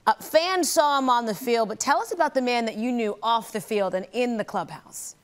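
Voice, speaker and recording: A woman news anchor leading an interview with a polished, measured delivery. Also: on the high side.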